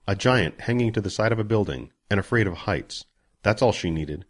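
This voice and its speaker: A man narrating a story as an audiobook, expressive and giving each character a voice. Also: fairly low pitch, fairly quick.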